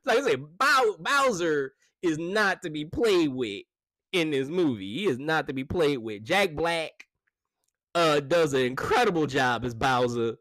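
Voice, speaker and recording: A man casually reviewing a movie, animated and chatty, laughing often and restarting his sentences. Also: a little high, unhurried, no room sound.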